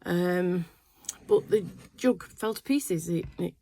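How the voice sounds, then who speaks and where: An older woman who runs a quilting vlog chats casually in her sewing room, her lowish voice warm and slow. She tells a rambling family story full of fillers.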